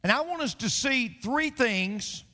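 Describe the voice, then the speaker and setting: High, lively-voiced preacher in a reverberant church. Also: male voice, a little slow. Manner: storytelling preacher mixing jokes with scripture, animated delivery; occasional stammering restarts. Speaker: pastor. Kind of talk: sermon. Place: church sanctuary. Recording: long hall reverb.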